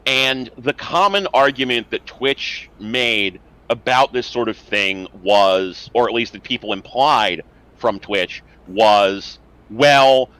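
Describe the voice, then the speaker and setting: A man co-hosting a casual online show, talking in long animated rants packed with swearing. His voice has a bright, forceful edge. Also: mid-range voice, rough recording. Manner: heavy swearing, animated ranting. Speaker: podcast co-host. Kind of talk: casual chat.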